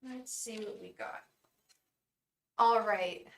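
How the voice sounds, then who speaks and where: A woman's voice: mid-range voice, slow pace, echoey room. A woman hosting a live tarot stream, chatting effusively with viewers, greeting them by name and stopping to restart her sentences. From England. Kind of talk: casual live-stream chat.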